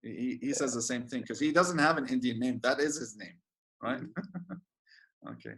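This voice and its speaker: A sheikh giving an informal religious lecture, chatty and joking, with many fillers and restarts. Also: male voice, mid-range voice, big pitch swings, moderate pace, gravelly, fairly bright tone. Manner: laughs at his own jokes.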